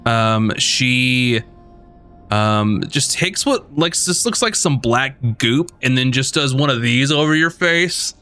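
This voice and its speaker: Bright-voiced male game master. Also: mid-range voice, expressive, slow pace, clean tone, soft background music. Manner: rambling, full of fillers. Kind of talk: narrating a tabletop game.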